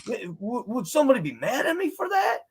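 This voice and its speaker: A man's voice: extremely high pitch, wildly swooping pitch, fairly quick, gravelly, slight background noise, pitched above the performer's own voice, exaggerated voice. A man voicing a nervous, rambling caller with a rural American country accent who stammers and repeats himself. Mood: sheepish.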